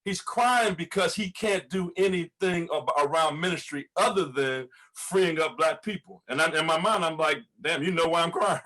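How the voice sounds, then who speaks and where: A man's voice: high voice, a bit bright. A man who is a pastor, speaking fervently on a panel, laughing often and repeating words when stirred. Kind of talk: impassioned panel testimony.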